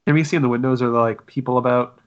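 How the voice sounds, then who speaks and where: A man's voice: medium pitch, fairly even intonation, very fast. A man playing a tabletop game, wry and offhand. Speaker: player. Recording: dull lo-fi mic.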